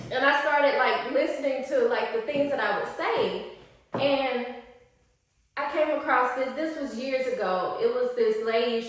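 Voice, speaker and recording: A woman's voice: fairly high pitch, a bit bright, distant mic. A woman, a spiritual life coach, talking in a casual, playful and slangy vlog style. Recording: echoey room, voice off-mic.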